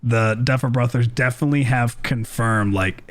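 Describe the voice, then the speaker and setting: A man's voice: mid-range voice, normal speed. A man co-hosting a podcast, chatting casually and animatedly and quoting characters. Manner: animated, laughs, quotes characters. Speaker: podcast co-host. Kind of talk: casual chat.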